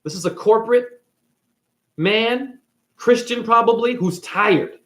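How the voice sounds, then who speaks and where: A man ranting casually on camera, retelling a movie with profanity and acting out its characters in quick bursts. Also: very high voice. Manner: profane, animated, acts out characters. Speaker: spiritual video creator.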